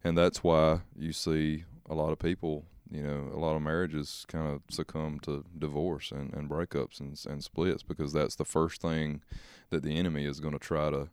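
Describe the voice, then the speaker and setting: A man as a country singer guest in a casual interview, talking in a halting, measured way with many fillers. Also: extremely low pitch, level tone, darkish tone, smooth, no room sound, studio quality.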